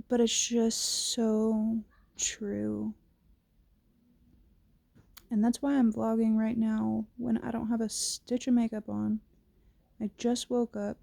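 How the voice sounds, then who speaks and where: A woman's voice: on the high side, gravelly, dark tone, no echo. A woman vlogging casually to camera, reflective and candid, with a fresh-from-sleep morning voice. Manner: slow, reflective, casual with swearing.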